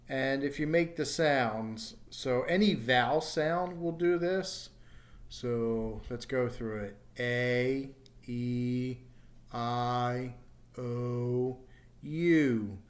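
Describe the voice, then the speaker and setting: A man teaching English pronunciation to learners at an unhurried pace. He leans on each sound and repeats words so students can follow, and his voice sits at an ordinary middle pitch. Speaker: ESL teacher. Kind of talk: recorded pronunciation lesson.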